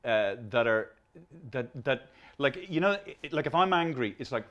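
A man's voice: mid-range voice, animated, moderate pace, dull audio. A man in his fifties hosts a podcast. He rambles, stumbles through restarts and drops blunt swear words into his thoughts. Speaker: podcast host. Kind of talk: casual conversation.

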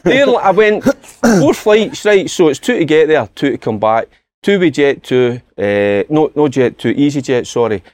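A man's voice: a little high, lively intonation, measured pace, a little mellow, no room sound. A middle-aged Scottish man telling stories in casual podcast chat, laughing and swearing often. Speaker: podcast pundit.

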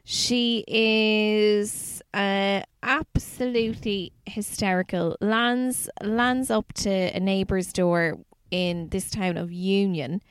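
A woman's voice: mid-range voice, fairly even intonation, slow, few pauses, clean tone, no echo. Chatty Irish woman hosting a podcast. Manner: chatty, laughing, dramatic retelling. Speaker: podcast host. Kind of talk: casual chat and case narration.

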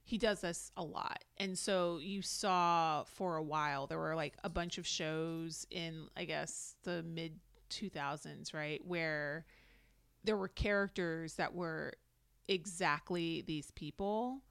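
A woman co-hosting a podcast, chatting casually as she recaps a reality episode, animated and quick to laugh. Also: deep voice, gravelly, clean tone, dry recording. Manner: animated, laughs often, puts on quoted voices. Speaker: podcast co-host.

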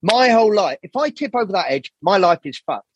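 Husky-voiced man, candid and rambling. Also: high voice, big pitch swings, brisk, no room sound, lo-fi sound. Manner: swears a lot, rambling, acts out quoted people. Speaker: podcast guest, jazz saxophonist. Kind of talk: candid podcast conversation.

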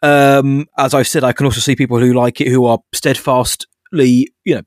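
A man co-hosting a casual podcast, talking in a measured, even-handed way. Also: mid-range voice, no room sound, studio quality. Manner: measured, even-handed, calls his co-host mate. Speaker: podcast co-host.

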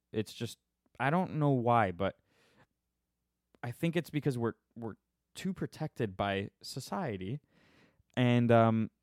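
Man in his thirties, sarcastic live-stream host, joking asides, middle-pitched voice, dry close sound. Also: a little mellow, no echo. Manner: joking, sarcastic, self-mocking, frequent restarts. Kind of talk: casual rambling monologue. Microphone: phone.

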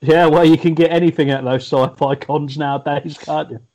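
Bloke, podcast co-host, rambling storyteller, loose casual chat. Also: male voice, on the high side, fairly even intonation, a little fast, warm tone.

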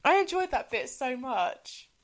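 A woman's voice: high voice, sing-song, a little slow. A woman in a casual chat, laughing often as she recaps a film. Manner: giggly, enthusiastic.

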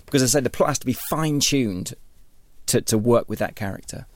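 A man's voice: mid-range voice, fast, no echo. Man, author-teacher, rambling interview talk, lots of restarts, dry sound. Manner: rambling, many restarts and repeated words. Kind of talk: conversational interview.

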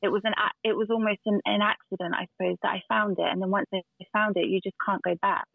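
A woman's voice: medium pitch, steady tone, fast talker, gravelly, dry recording. Earnest woman guest on a remote call, thin phone-line audio, lots of fillers. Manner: earnest, storytelling with restarts and fillers. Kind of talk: casual chat. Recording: dry tinny phone-like line.

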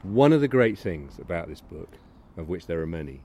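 A podcast co-host chats casually and enthusiastically on a walking tour along a residential street, laughing easily. His low, mellow voice has a sing-song lilt and moves a little fast. The outdoor recording picks up street ambience and slight background noise.

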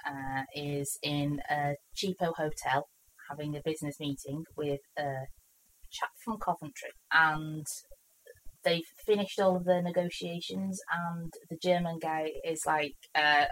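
A woman's voice: low-pitched, a little slow, slight background noise, low-quality recording. A woman co-hosting a podcast, casually retelling a TV episode and acting out the characters' lines. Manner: animated, acts out characters' lines while retelling. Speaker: podcast co-host. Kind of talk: casual chat recapping a TV episode.

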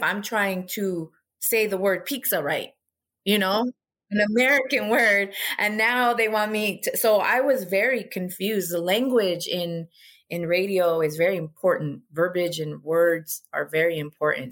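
A middle-aged woman and former radio host, talking earnestly and reflectively as an interview guest, with frequent "you know" asides. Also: fairly low pitch. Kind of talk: casual interview conversation.

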